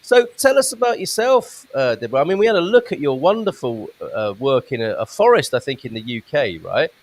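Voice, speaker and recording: A man hosts a relaxed live-stream show over a video call, greeting viewers and reading their comments aloud. His voice sits in a middle pitch with a gravelly, creaky edge. He keeps the talk chatty and informal. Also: a little fast. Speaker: host. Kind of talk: casual live-stream chat. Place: home in Portugal.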